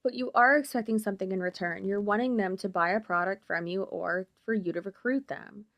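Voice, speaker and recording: A woman commentator reacts to a clip with blunt, opinionated talk. She rambles and leans on fillers, and her voice sits at a middle pitch. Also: a little fast, gravelly, fairly bright tone. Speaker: commentary YouTuber.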